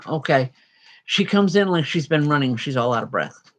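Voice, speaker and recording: A woman's voice: low-pitched, expressive, normal speed. Woman medium giving reassuring readings. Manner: reassuring, relays messages from spirits; addresses people directly by name. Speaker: spiritual medium.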